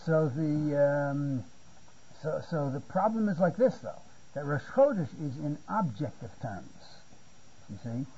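A man's voice: fairly high pitch, big pitch swings, unhurried, dark tone, breathy edge, highs cut off. A man giving a Torah lecture, often repeating words and checking "you see?". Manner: repeats words while searching for phrasing, asks "you see?". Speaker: Talmud teacher.

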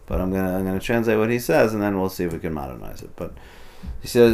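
Speaking quickly in a lowish, darkish, animated voice, the Torah teacher works through texts informally, translating and explaining along the way. Restarts and plenty of "you know"s mark his think-aloud style.

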